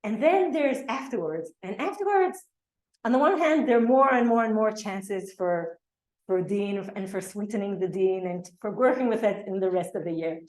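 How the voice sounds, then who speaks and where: A woman's voice: mid-range voice, expressive, moderate pace, a little mellow, echoey room. A woman teaching a Torah class in a conversational way, full of asides and checks with her listeners. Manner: conversational, with fillers and frequent asides. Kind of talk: lecture to a class.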